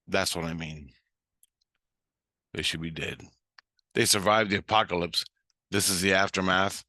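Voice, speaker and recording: A man with a low voice and a bright, forceful edge rants profanely through a rambling monologue. He acts out both voices of a conversation, and the recording is dry and close. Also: no echo. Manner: profane, ranting, animated retelling; acts out both sides of the dialogue. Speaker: vlogger.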